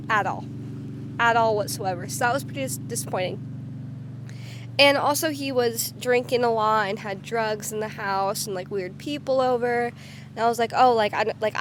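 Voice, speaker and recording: A young woman telling her own story to the camera in a casual, candid way, full of "like" and quick restarts. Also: a little high, slight background noise. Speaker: vlogger.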